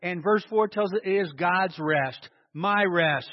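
A man with a high-pitched voice preaches slowly and emphatically, leaning on single words. He raises rhetorical questions and supplies the answers himself. The recording sounds dull and lo-fi, echoing in a hall.

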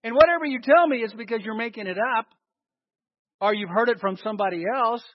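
A man's voice: very high-pitched, a little fast, no echo. A man preaching a sermon, quizzing his listeners with questions and answering them himself. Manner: animated, asks the congregation questions and answers them. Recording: dull lo-fi recording.

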